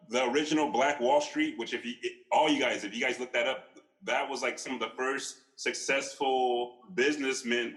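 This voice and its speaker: A man's voice: mid-range voice, a bit bright, rough recording. Rambling, loose-talking man. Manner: rambling, many fillers and restarts, swearing. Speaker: podcast guest. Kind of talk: casual conversation.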